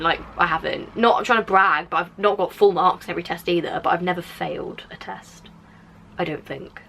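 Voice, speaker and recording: A woman's voice: lowish voice, bright, forceful tone, a little hiss or hum, poor audio. A young woman in her late teens with a Black Country accent, chatting casually on her vlog as she reads out and answers viewer comments, rambling with lots of fillers. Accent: Black Country English. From Black Country, England. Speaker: vlogger.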